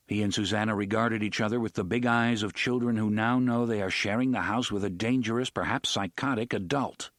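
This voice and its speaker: A man's voice: lowish voice, fairly quick, a bit bright, no room sound, studio quality. A man narrating an audiobook expressively, giving each character a voice of his own.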